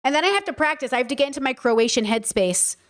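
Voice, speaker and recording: A woman's voice: sits high, lively intonation, fast, fairly bright tone. An American woman hosting a casual livestream, playful and chatty, swearing freely and repeating words for emphasis. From United States. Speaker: host.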